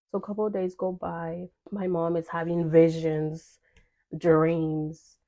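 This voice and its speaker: A woman's voice: lowish voice, little pitch movement, unhurried, warm tone. A young woman telling a personal story in casual vlog chat, full of fillers and quoted dialogue. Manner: chatty, filler-heavy, acts out quoted dialogue.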